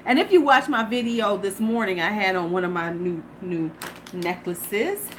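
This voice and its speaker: A woman's voice: mid-range voice, normal speed, low-quality recording. A middle-aged woman chatting casually and profanely to viewers on a beauty livestream from her porch. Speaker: beauty vlogger. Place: home porch. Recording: faint ambient noise.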